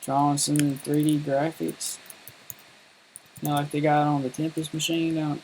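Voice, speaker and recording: A man's voice: fairly high pitch, level tone, moderate pace, darkish tone, slight background noise, rough recording. A man chatting casually while coding on a live stream, rambling and self-deprecating. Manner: rambling and self-deprecating, lots of fillers and laughs. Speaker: programmer streaming his coding.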